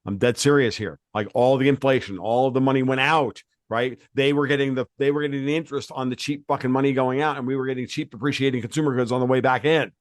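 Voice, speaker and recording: A man's voice: mid-range voice, fairly even intonation, fast, hardly any pauses, no room sound, studio quality. A man hosting a podcast, from the United States, delivering a heated, profane rant full of repeated words and restarts. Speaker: podcast host.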